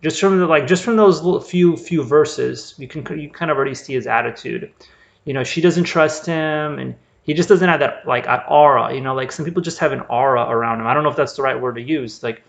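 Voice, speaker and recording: Heard on a dull lo-fi recording, a man's creaky mid-range voice moves briskly. He's a preacher rambling through a Bible passage conversationally, leaning heavily on fillers and often restarting.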